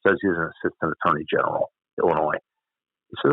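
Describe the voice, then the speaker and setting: A man with a very low, gravelly voice and a husky, rough edge, telling stories bluntly and profanely. The sound is thin and tinny like a phone line, with no room in it. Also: fast talker, dry recording. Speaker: former police officer. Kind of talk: candid interview storytelling.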